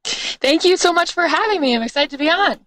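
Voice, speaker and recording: A young woman in her twenties, a sports team reporter, talking upbeat and quickly with fillers and restarts in a remote podcast interview. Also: very high voice, expressive, a bit bright, no echo, low-quality recording. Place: remote, away from the studio.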